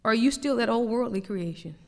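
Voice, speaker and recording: A woman teaching a sermon in an animated, conversational way, acting out little asides as she preaches. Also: on the high side, fairly quick, in a large hall. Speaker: pastor, Bible teacher. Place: church sanctuary.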